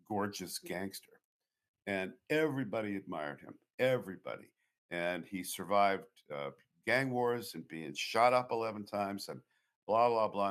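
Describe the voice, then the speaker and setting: A man's voice: on the low side, a bit bright. A man from the Boston area, a guest author telling long, digressive stories in an interview. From Boston area, USA. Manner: anecdotal, digressive. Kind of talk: storytelling interview talk.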